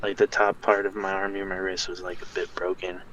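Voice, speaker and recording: A man's voice: deep voice, flat delivery, brisk, fairly bright tone, muffled recording, slight background noise. Rambling young man telling a story. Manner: rambling storyteller, lots of fillers and restarts. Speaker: podcast co-host. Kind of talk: casual chat.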